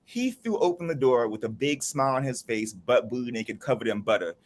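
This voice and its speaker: A man in a casual group chat, telling a funny story with lots of laughter. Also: fairly quick. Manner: animated, laughs often, high squeaky voice when quoting. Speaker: chat panelist.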